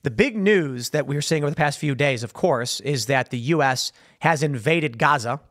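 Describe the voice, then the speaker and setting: A man hosting a political commentary show, talking in a fast, animated monologue and mimicking the people he mocks. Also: a little high. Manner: fast animated talk with mocking put-on voices for quoted people.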